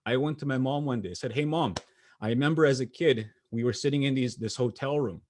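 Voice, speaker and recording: A young adult man from Canada giving a motivational keynote, telling personal stories in an earnest, pausing way with small restarts. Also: mid-range voice, darkish tone, a little hiss or hum. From Sweetgrass First Nation, Saskatchewan, Canada. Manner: earnest storytelling with pauses and restarts. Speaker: motivational speaker. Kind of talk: keynote speech.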